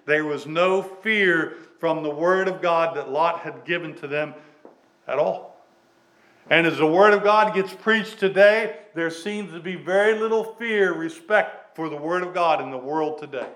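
A man preaching a sermon in an earnest, halting way, with restarts and fillers, loud on key lines and dropping quiet at their ends. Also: a little high, rough recording. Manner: swings between loud emphatic lines and dropped, quiet endings.

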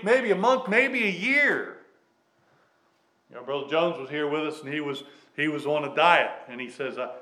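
A man preaching a sermon in an earnest, halting way, with restarts and fillers, loud on key lines and dropping quiet at their ends. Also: fairly high pitch, low-quality recording. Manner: swings between loud emphatic lines and dropped, quiet endings.

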